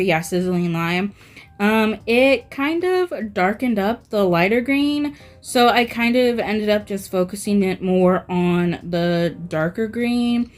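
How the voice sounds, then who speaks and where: A woman talking through a nail art tutorial in a casual, rambling voice-over, full of fillers like "um" and "like". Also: medium pitch. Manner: slow, filler-heavy, rambling.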